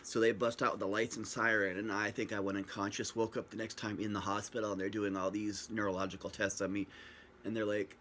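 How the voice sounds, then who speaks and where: Rambling man with a low voice. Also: level tone, a little fast, fairly bright tone, slight background noise. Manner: rambling, joking, acts out quoted dialogue. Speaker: vlogger telling his own story. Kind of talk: casual storytelling to camera. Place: at home, facing a screen camera. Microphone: built-in camera mic.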